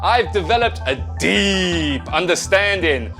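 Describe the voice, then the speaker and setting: A corny, sing-song mushroom pitchman with a put-on Canadian accent, as a man hams it up. The voice sits high and swoops all over the place, with faint music underneath. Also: lively intonation, slow pace, vocal fry, sharp tone, heavily acted. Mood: cheesy, upbeat. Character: male Canadian mushroom supplement salesman, punning and chirpy. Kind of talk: comedy sketch advert.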